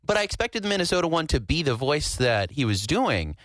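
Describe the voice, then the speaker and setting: A man's voice: on the high side, big pitch swings, brisk, fairly bright tone, no echo. Talk radio guy, easygoing, laughs a lot, dry close mic. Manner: chatty, laughs easily. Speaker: radio show host. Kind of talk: casual radio chat. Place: radio studio.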